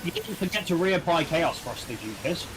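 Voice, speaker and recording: A man's voice: a little high, moderate pace. Man leading a raid over noisy voice chat. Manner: questioning, calm, talks through mechanics. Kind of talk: casual gaming voice chat. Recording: noisy background hiss.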